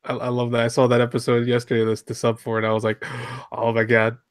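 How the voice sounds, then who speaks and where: A man's voice: mid-range voice, completely flat delivery, quick pace, clear, resonant tone, no echo, studio quality. A man hosting a live stream as an anime YouTuber, an enthusiastic fan who often stumbles and restarts his sentences. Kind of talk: casual live-stream interview.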